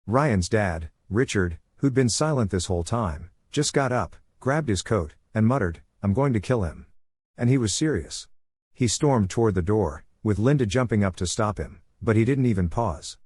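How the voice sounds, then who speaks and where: A man narrating a first-person drama story in a calm, cool tone. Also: on the low side, moderate pace, husky, no echo.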